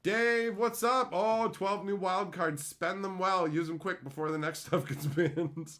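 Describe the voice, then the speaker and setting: A man's voice: high-pitched, measured pace. A man streaming live, chatting casually with viewers, swearing freely and laughing often. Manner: profane, animated, laughs often. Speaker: streamer and entertainer. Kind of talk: casual livestream chat with viewers.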